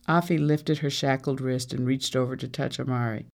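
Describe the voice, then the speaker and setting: An audiobook narrator reading a novel chapter in a slow, measured storytelling manner. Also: medium pitch, steady tone, vocal fry. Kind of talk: scripted narration. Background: guitar music.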